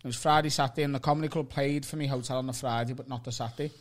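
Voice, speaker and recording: A man's voice: medium pitch, steady tone, very fast. A young man with a Liverpool accent, telling a story in casual podcast chat, acting out the other people's lines and swearing freely. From Liverpool, England. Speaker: comedian, podcast co-host.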